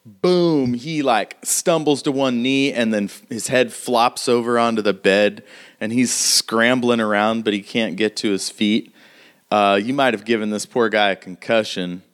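A man acts as game master for a tabletop game, narrating combat in a casual, vivid way with plenty of fillers. His voice is smooth and clear and sits fairly low. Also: fairly even intonation, moderate pace.

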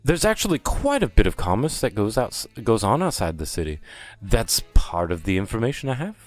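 A man plays a tall male elf who sells information, speaking with a put-on Irish accent. He talks in oily, persuasive salesman patter with a lively, swooping pitch. Faint music plays underneath. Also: brisk. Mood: salesy.

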